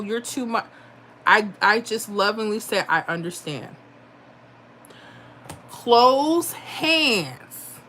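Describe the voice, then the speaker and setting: A woman's voice: medium pitch, fairly bright tone, a little hiss or hum. A middle-aged woman hosts a live stream in a casual, chatty way, reading viewer comments aloud. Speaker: livestream host giving lottery picks. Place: home.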